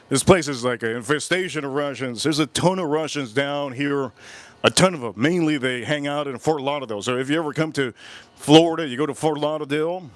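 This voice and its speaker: A man hosting a livestream, telling a long rambling story and repeating himself as he goes. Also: fairly high pitch. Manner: rambling, repeats himself, animated retelling with quoted voices. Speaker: whiskey channel host. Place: Miami area, USA.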